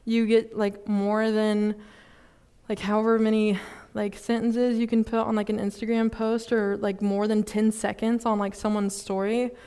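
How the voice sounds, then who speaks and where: A young woman giving a sermon at a student fellowship, casual and chatty, with many fillers and quick laughs at herself. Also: mid-range voice, little pitch movement, mellow, smooth. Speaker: student ministry speaker. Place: church service hall.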